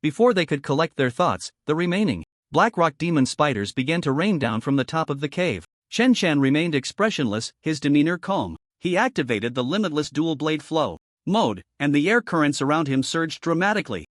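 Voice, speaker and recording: A man's voice: on the high side, big pitch swings, a little fast, dry recording, clean studio sound. A man narrating a comic story recap in a scripted reading.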